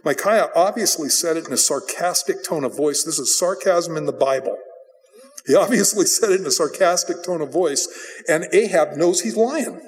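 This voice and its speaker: Long hall reverb surrounds a pastor whose voice sits a bit high for a man as he preaches an expository sermon at normal speed. He teaches the Bible casually and conversationally, narrating with blunt, animated energy.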